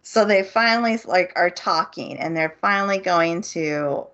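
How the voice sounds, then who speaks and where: A woman co-hosting a podcast, recapping a show's plot in a casual, animated way and acting out the characters' lines. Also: fairly low pitch, measured pace. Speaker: podcast co-host. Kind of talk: casual chat. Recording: muffled lo-fi audio.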